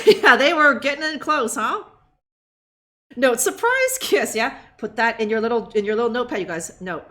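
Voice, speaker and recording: A woman's voice: high-pitched, pushed and bright. A woman streaming a video game, joking sarcastically, laughing often, swearing, and ending lines with "huh?". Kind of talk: live gameplay commentary.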